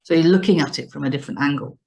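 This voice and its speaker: A woman business advisor explaining customer strategy in an animated, emphatic way, often restarting her phrases. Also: low-pitched, racing, creaky. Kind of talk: business advice discussion.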